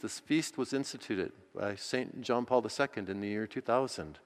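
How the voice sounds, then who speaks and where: Low-voiced priest preaching in a reverberant church. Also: male voice. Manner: earnest, slows down for emphasis. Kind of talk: sermon. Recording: long reverb of a church hall.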